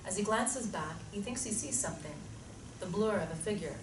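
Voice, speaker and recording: A woman reading screenplay narration with a steady, descriptive delivery. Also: medium pitch, fairly quick. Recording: echoey room from far off, noisy.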